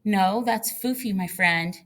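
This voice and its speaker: A woman's voice: mid-range voice, slow pace, lightly acted. A woman doing a tearful young boy begging. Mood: insistent. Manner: pleading, rising to tearful cries. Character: distraught young boy pleading for his dog.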